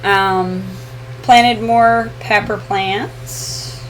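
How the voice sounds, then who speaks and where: A woman co-hosting a casual live question-and-answer chat, easygoing and quick to laugh. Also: medium pitch, steady tone, a little hiss or hum. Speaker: co-host of homestead channel.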